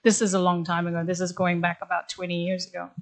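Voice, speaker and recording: A woman's voice: lowish voice, monotone, fast. Woman, middle-aged, from Korea, graduation speaker, candid storytelling, conversational. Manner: conversational, candid, with frequent "actually". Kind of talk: ceremonial speech, personal storytelling.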